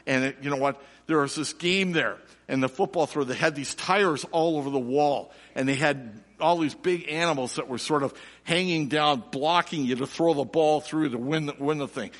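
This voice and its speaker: A middle-aged man, preaching a sermon and telling a lively personal story before turning quiet and slow. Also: on the high side. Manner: animated storyteller, drops to soft and slow for reflection. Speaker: pastor. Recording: long reverb of a large hall.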